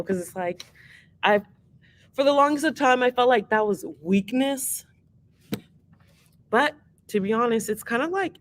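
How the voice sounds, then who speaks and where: A woman hosting a livestream and taking song requests, talking in a rambling, earnest way and swearing freely. She is emotional and teary-eyed. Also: on the high side. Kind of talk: casual livestream chat.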